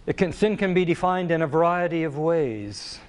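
A man preaching a sermon in a deliberate, emphatic way, repeating key phrases for weight. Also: on the high side, animated, clean tone.

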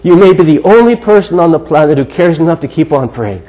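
A man preaching a sermon, telling a personal story in an earnest way with emphatic pauses. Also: on the high side, darkish tone, poor audio. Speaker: guest preacher.

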